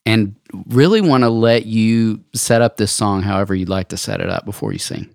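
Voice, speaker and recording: A man's voice: lowish voice, moderate pace, gravelly, a little mellow, no echo, clean studio sound. A man hosting a podcast, introducing his guests with praise. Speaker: podcast host. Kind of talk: casual interview.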